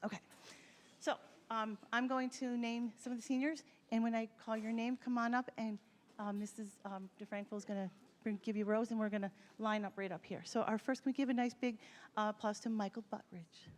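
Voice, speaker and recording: A woman's voice: on the high side, steady tone, a little fast. A woman music teacher speaking at a school concert, informal and heartfelt, talking directly to her students. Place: school concert hall with an audience.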